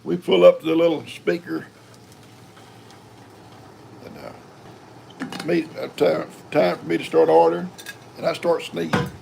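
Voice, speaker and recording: A man's voice: on the high side, flat delivery, a little slow, gravelly, long pauses, a little mellow, a little hiss or hum. An older man, hosting a live stream in a rambling, folksy chat and talking to his cats. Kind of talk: casual chat.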